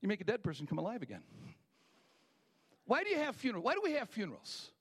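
Husky, animated male preacher. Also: sits high, fast talker. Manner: animated storytelling, acting out voices, dropping to near whispers. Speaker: pastor. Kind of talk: sermon.

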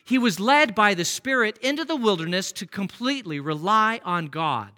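A man's voice: sits high, expressive, normal speed, pushed and bright. A man preaching a sermon, reading scripture and asking the congregation conversational questions. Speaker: pastor.

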